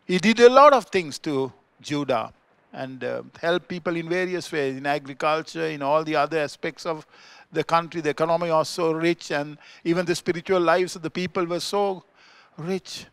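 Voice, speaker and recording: In church, a male pastor with a Sri Lankan accent preaches in a fairly high, clear, resonant voice at a moderate pace. He builds to loud, emphatic declarations, then sinks into quiet, low asides. The recording is close and dry, with hardly any room echo.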